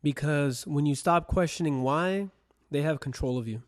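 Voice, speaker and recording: A man's voice: on the high side, moderate pace. A young man co-hosting a casual podcast, earnestly urging listeners to think for themselves. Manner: earnest, addresses listeners directly. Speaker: podcast co-host.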